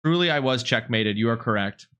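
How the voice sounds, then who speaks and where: Bright, animated male streamer. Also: mid-range voice, fairly quick, clean tone. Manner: animated, mock-indignant, swears freely, talks straight to chat. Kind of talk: casual live-stream chat with viewers.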